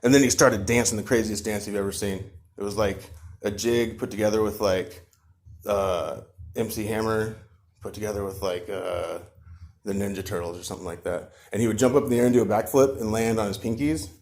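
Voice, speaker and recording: A man casually improvising a bedtime story, animated, with fillers and pauses. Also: fairly low pitch. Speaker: parent telling a bedtime story.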